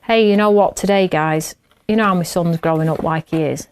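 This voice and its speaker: A woman's voice: lowish voice, a little fast, clear, resonant tone. A middle-aged woman, chatting and laughing as she hosts a craft show while she works. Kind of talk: casual chat while crafting.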